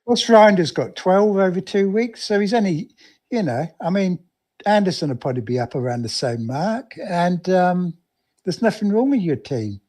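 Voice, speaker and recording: A middle-aged man co-hosting a podcast stream, speaking in a calm, reassuring way with plenty of ums. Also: high voice, moderate pace. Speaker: podcast co-host. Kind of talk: casual chat on a live stream.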